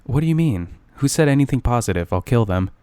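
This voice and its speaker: A man's voice: mid-range voice, animated, quick pace, warm tone, smooth, no room sound. A young man co-hosting a podcast, teasing his friend in profane, rambling casual banter full of fillers. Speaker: podcast co-host.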